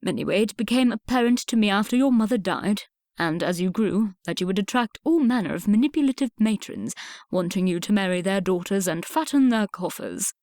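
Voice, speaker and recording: A woman reading an audiobook, voicing a blustering older Regency father who speaks in a booming, brusque and emphatic way. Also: lively intonation, fairly quick, a little mellow, no room sound, clean studio sound, natural voice. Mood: confiding.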